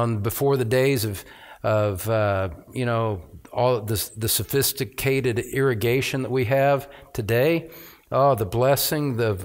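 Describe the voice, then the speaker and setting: A middle-aged man preaching a sermon, reading scripture aloud and stressing key words with rising emphasis as a pastor. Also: medium pitch. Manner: reads scripture aloud, slowing on phrases.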